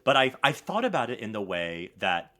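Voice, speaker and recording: A man's voice: mid-range voice, big pitch swings, normal speed, sharp tone. A man co-hosting a podcast in casual chat, talking in a frank, joking and self-reflective way. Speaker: podcast co-host.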